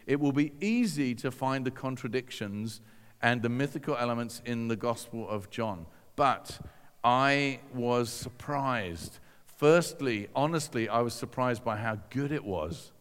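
A man's voice: mid-range voice, measured pace, fairly bright tone, clear, resonant tone. A man giving a personal testimony to an audience in a conversational, self-deprecating storytelling manner with dry asides. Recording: long reverb from a large hall.

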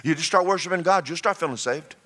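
A man preaching a sermon, folksy and joking, swinging between loud exhortation and quiet storytelling. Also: on the high side, quick pace.

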